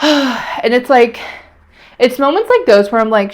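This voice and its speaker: A woman's voice: a little high, lively intonation, unhurried. A young woman chatting casually in a weekly vlog, rambling and emotional, with many fillers. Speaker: vlogger. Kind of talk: casual weekly catch-up chat.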